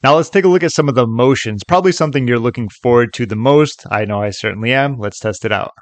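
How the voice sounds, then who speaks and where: A man at a middling pitch, talking casually through a tutorial and filling his sentences with "like" and "okay". His voice sits close and dry on a desk mic, with no room sound. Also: fast talker, no echo. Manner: loose and chatty, many fillers like "like" and "okay". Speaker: tutorial host. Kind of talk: casual screen-recorded tutorial.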